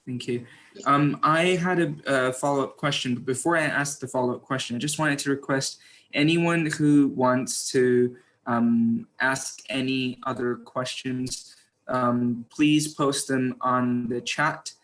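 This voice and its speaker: A man's voice: medium pitch, steady tone, measured pace, fairly bright tone, a little hiss or hum. A man hosting a webinar, polite and hesitant, with many fillers. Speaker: webinar host. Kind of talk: moderating a webinar.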